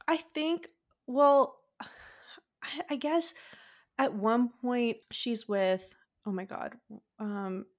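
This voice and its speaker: A woman's voice: fairly high pitch, animated, very slow, pauses often. A woman guest on a podcast in casual chat, hedging, laughing often and restarting her sentences as she recounts.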